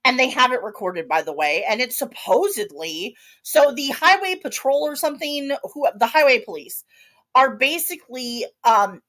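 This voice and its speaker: A woman's voice: high-pitched, lively intonation, normal speed, fairly bright tone. A woman co-hosting a podcast, telling a story in casual chat with many asides and restarts. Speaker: podcast co-host.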